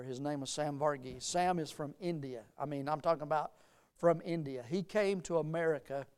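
A middle-aged male pastor delivers a sermon in a smooth, resonant voice pitched a little high. He talks in a folksy, storytelling way, then builds to emphatic, lively preaching. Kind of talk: sermon with personal stories.

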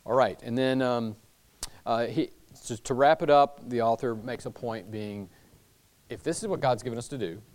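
A man's voice: medium pitch, normal speed, a little mellow. Man teaching a church Bible class. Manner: conversational, rambling, with many fillers and restarts.

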